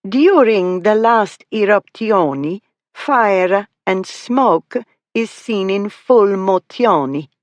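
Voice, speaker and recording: A narrator voicing a lively young lady who puts on exaggerated mock Italian and French accents, rolling her R's and stretching words. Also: mid-range voice, slow pace, no room sound, voice pushed up. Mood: playful. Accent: mock Italian, then mock French. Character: lively young lady mimicking foreign tourist guides.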